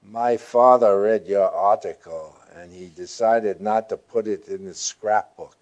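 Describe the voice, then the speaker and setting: A dry, elderly statesman with a German accent and a deep, mellow voice, as a man quotes him in an interview. He speaks in a drawn-out, teasing way. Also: muffled recording, natural voice.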